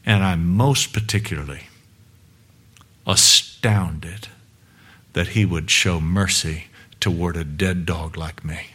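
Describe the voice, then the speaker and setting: A male preacher delivering a sermon to a congregation in a church room, emphatic, with many rhetorical questions, swinging between loud and hushed. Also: low-pitched, fairly even intonation, slow, pauses often, husky.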